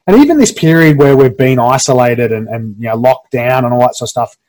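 A man hosting a casual interview on a video call, halting with many restarts. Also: mid-range voice, animated, darkish tone, low-quality recording. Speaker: podcast host.

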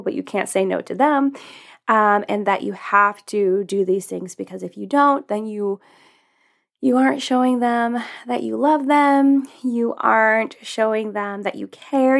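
A woman's voice: on the high side, gravelly. A woman vlogger giving earnest, casual advice to her viewers, with lots of ums and you-knows. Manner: earnest, with many fillers like "um" and "you know". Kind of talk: casual advice talk to camera.

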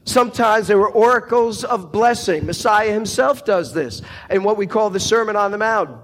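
A man preaching a sermon, slow and deliberate, lifting his voice on quoted cries. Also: high voice, a bit bright, slight background noise.

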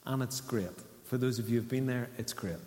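Pastor preaching in an echoey hall. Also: male voice, mid-range voice, a little fast, a little mellow. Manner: conversational, asks the congregation questions. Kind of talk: sermon. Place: church hall.

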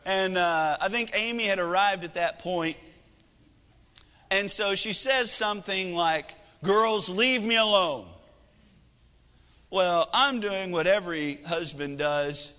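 A man's voice: high-pitched, a little slow, sharp tone. A man in his thirties preaching a sermon, telling a family story in a folksy, joking, self-deprecating way. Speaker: pastor. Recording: echoey hall reverb.

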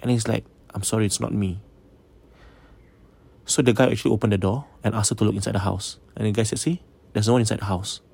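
Low-voiced man telling a ghost story. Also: fairly even intonation, racing, gravelly, darkish tone, husky. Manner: conversational, mixes English with Malay, checks in with listeners. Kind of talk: casual spoken ghost story.

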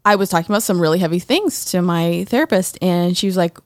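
A woman's voice: on the low side, fast talker, dry recording, clean studio sound. A woman co-hosting a podcast, talking candidly and reflectively about personal experience, with many fillers and restarts. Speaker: podcast co-host. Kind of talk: casual personal conversation.

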